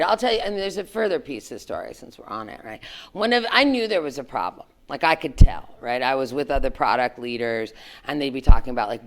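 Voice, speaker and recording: A middle-aged woman, a former tech executive, telling a story to students in a frank, animated way, full of "like" and "right?". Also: very deep voice. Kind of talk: candid storytelling talk to students.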